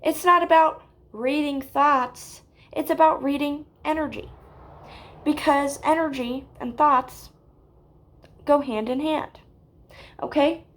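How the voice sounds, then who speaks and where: A woman giving a deadpan parody of a spiritual lecture, stretching out her phrases and tagging them with "okay?". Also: high voice, slow pace, long pauses. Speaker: mock spiritual teacher.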